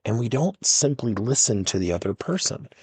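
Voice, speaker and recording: Telling coaching stories with animated energy, this middle-aged workplace coach and podcast host from the United States acts out each line of dialogue. He speaks at a normal speed in a medium-pitched voice with a breathy edge, recorded without echo.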